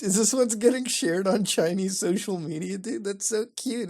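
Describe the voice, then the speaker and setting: Male online host, loose profane reaction commentary, swings between loud outbursts and low mutters. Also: moderate pace, few pauses. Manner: profane, excitable, mock-outraged, laughing. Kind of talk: casual commentary while browsing websites.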